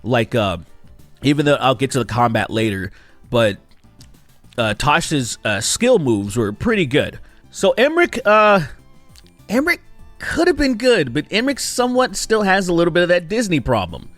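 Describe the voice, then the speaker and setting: A man giving a casual spoken game review, animated and exasperated, with mocking asides. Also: a little high, dry recording, soft background music. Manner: animated and exasperated, mocking characters with quick impressions.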